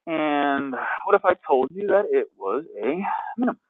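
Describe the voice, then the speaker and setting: A man with a fairly high voice teaches math to a classroom, upbeat and constantly quizzing his students. The sound is thin and tinny, like a phone line. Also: animated, normal speed. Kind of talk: classroom lecture. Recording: tinny phone-like lecture capture.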